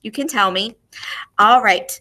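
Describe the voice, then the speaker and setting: Bright-voiced woman teaching young children. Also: mid-range voice. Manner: expressive, talks slowly and clearly to children, asks questions and answers them herself. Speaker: elementary music teacher. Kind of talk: online lesson for young children.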